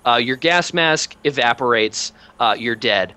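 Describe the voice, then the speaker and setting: A man narrating as game master of a tabletop game, animated and laughing often. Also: medium pitch, a little slow, clear, resonant tone.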